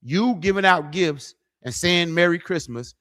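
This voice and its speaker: A man's voice: fairly high pitch, measured pace, fairly bright tone. A middle-aged man preaching, blunt, profane and conversational, livestreaming to viewers. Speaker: street preacher.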